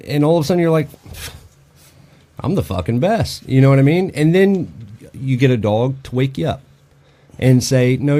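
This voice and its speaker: A podcast host who also trains dogs leads a casual conversation in a medium-pitched, dark voice. He is blunt and profane, with lots of fillers and restarts.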